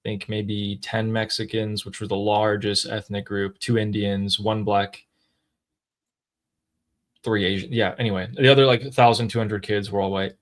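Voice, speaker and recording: A man's voice: fairly low pitch, little pitch movement, normal speed. A man co-hosting a live stream, chatting casually and reading out viewer messages. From Middle Eastern family, raised in a mostly white town. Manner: conversational, reads viewer messages aloud. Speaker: livestream co-host.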